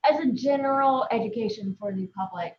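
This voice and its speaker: A woman's voice: on the high side, a little fast, echoey room, muffled recording. A woman interviewing a guest in a casual chat, blunt and profane as she asks direct questions. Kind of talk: casual live-stream chat. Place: by a pool.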